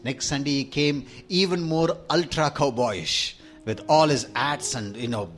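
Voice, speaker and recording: A man's voice: mid-range voice, a little slow, a bit bright, soft background music. A man preaching a sermon in an emphatic, rhythmic storytelling manner.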